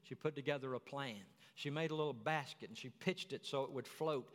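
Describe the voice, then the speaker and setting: A man's voice: mid-range voice, a little fast, in a large hall. A man preaching a sermon, telling the story in a folksy way with chatty asides.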